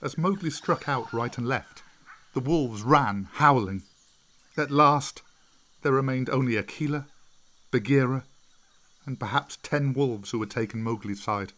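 A man narrating a storybook in an expressive reading voice. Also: mid-range voice, a little slow.

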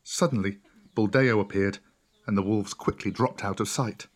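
A man's voice: fairly low pitch, moderate pace. Man reading a storybook aloud. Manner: steady, clear storytelling. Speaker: narrator.

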